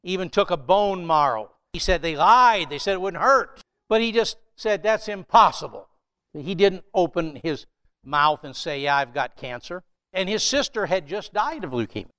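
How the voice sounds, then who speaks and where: A man's voice: sits high, lively intonation, moderate pace, sharp tone, smooth. An older American man in his seventies, a pastor preaching a sermon in a conversational, storytelling way, with emphatic rises as he drives points home.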